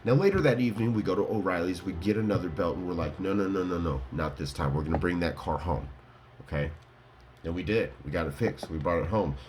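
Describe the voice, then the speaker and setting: A man's voice: deep voice, quick pace, noisy background. A man casually telling his viewers a rambling story, laughing and full of fillers. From Colorado. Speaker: vlogger.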